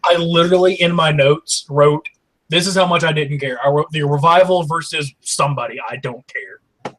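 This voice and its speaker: A man's voice: a little high, steady tone, moderate pace, fairly bright tone, low-quality recording. A man co-hosting a casual wrestling chat, blunt and sarcastic, with strong opinions. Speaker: wrestling show co-host.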